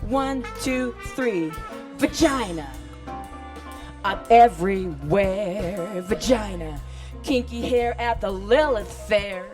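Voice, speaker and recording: A woman's voice: animated, takes it slowly. Woman chanting spoken word over music. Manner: rhythmic call-and-response, swinging between sung highs and murmured lows. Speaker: performer.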